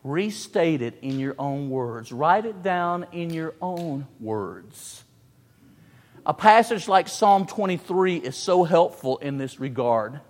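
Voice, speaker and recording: A man's voice: a little high, expressive, slow, darkish tone. A man preaching a sermon, emphatic, repeating phrases and stressing words in turn. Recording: long hall reverb.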